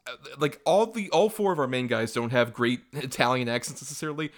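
A man's voice: medium pitch, a little fast. A man co-hosting a podcast, reviewing a film in loose, rambling casual chat with a lot of laughter. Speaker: podcast co-host.

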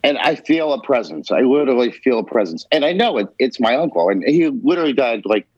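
A man's voice: mid-range voice, very animated, quick pace, darkish tone, breathy edge, dry recording. A man telling a rambling, emphatic personal story on a podcast, swearing freely. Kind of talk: casual storytelling. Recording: dull, lo-fi podcast audio.

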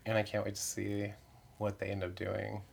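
A man's voice: lowish voice, monotone, normal speed, gravelly, slightly rough. A man who performs in drag, chatting candidly in an interview with many "like" fillers and self-mocking asides. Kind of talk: casual interview chat.

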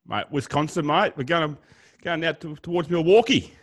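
A man's voice: on the high side, moderate pace, fairly bright tone. Rambling man co-hosting. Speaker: podcast co-host. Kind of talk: casual banter.

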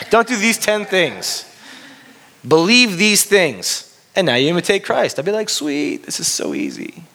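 A man preaching a sermon in a conversational, animated way, asking the congregation questions. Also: mid-range voice. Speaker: pastor. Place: room with a congregation.

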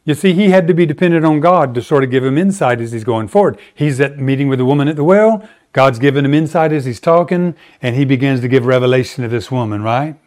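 Guy preaching, chatty but emphatic, jumps up high to make a point. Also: quick pace, few pauses, a little mellow. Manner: conversational, emphatic preaching with sudden pitch rises. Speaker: pastor. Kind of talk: sermon.

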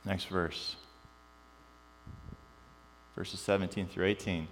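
A man preaching a sermon, animated and joking at times, then dropping to quiet emphasis. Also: low-pitched, slow pace. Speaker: pastor. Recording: long reverb with mains hum.

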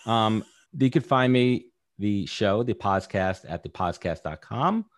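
A man's voice: on the low side, expressive, a little slow. A man in his thirties talking candidly as a podcast guest, rambling with lots of fillers. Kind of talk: casual podcast chat.

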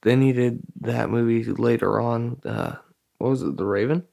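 A man's voice: mid-range voice, normal speed, creaky, mellow. A young man co-hosting a casual podcast chat, loose and profane, with many fillers. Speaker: podcast co-host.

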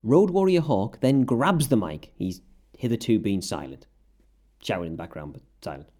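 A man's voice: lowish voice, lively intonation, normal speed, warm tone. A man recapping wrestling in casual podcast chat, sarcastic and often laughing. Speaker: podcast co-host.

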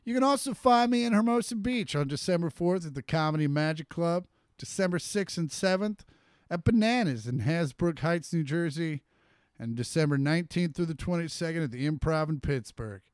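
A man in his forties, a comedian co-hosting a podcast, spins loose, joking stories in easy chat. His voice sits a touch high and comes through smooth and resonant. The sound is dry and close to the mic. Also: normal speed, dry recording. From Kansas City, US. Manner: storytelling, joking, animated. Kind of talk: casual chat.

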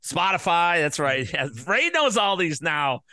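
A man's voice: high voice, big pitch swings, measured pace, pushed and bright. A male podcast host talking in a rambling, joking way, full of crude asides and restarts, his voice a little worn from being sick. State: recovering from covid, voice slightly worn. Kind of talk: casual podcast chat.

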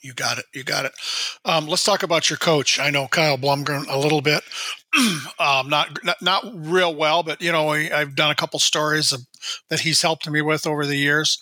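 A man's voice: on the high side, sharp tone, dry recording. A man hosting an interview, asking friendly, conversational questions. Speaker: sports writer, podcast host.

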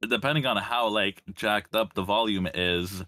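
A fairly low male voice joking through his turn at a tabletop game, stumbling and restarting as he goes. The sound is dry and close-miked. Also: normal speed, pushed and bright, dry recording. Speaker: player.

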